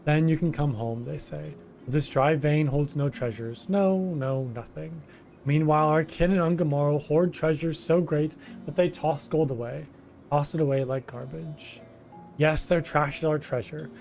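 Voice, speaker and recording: A man's voice: fairly high pitch, normal speed, creaky, a little mellow, faint music behind. A man voicing a whiny, self-pitying male kobold foreman who repeats himself in strings of synonyms. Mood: lamenting. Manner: repeats words in lists of synonyms, pleading.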